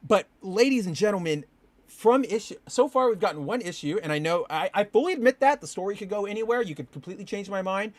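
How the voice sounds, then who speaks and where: A man with a fairly high voice hosting a casual podcast, rambling and animated, swearing when excited. The sound is dry and close. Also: fast talker, dry recording. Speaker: podcast host. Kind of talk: casual comic book commentary. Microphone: live stream with chat.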